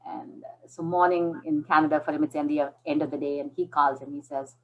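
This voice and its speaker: Low-voiced woman telling her story. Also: brisk, few pauses, lo-fi sound, slight background noise. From India. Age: 40s. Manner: animated storyteller acting out quoted dialogue. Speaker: guest. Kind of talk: storytelling in an interview.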